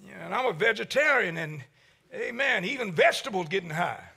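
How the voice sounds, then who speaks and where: A man preaching a sermon as pastor, with a preaching cadence that swells to shouts and drops low. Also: expressive, a little fast, gravelly.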